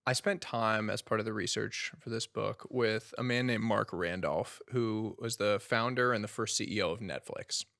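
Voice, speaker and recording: A man in his thirties speaking as a podcast guest and author, telling stories in an earnest, animated way. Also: fairly low pitch, no echo, studio quality. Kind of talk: conversational storytelling.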